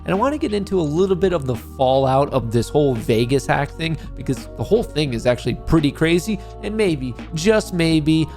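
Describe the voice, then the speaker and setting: A man's voice: mid-range voice, a little mellow. A man hosting a daily stock market update in a playful, slangy, upbeat way. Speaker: market commentary show host.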